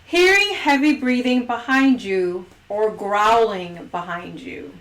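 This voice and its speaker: A woman's voice: on the high side, takes it slowly, fairly bright tone, reverberant. A woman hosting a casual livestream chat, playful and giggly as she reads out poll questions. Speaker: host.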